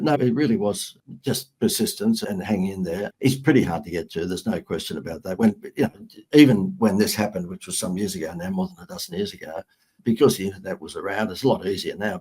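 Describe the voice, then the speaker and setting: An older man with an Australian accent recounts stories as a podcast guest. His voice is low and a little husky, and his delivery is animated and self-mocking. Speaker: marketing guest. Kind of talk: podcast interview storytelling.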